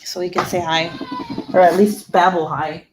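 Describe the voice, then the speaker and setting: A woman's voice: fairly low pitch, flat delivery, moderate pace, noisy background. A young woman chatting casually and rambling on her live stream, giggling often. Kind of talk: casual chat.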